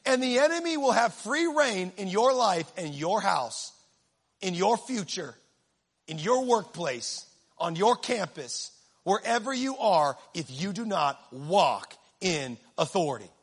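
A man with a very high speaking voice delivers a sermon. His tone is husky and slightly breathy. He is animated and jokey, dropping into quiet asides and then rising to shouts. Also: unhurried. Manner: animated, swings from low asides to shouting, humorous. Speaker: preacher.

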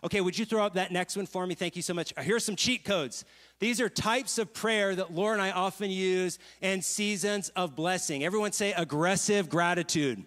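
High-voiced male pastor in a reverberant hall. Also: moderate pace. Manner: lively, storytelling, asks the crowd questions. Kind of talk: sermon.

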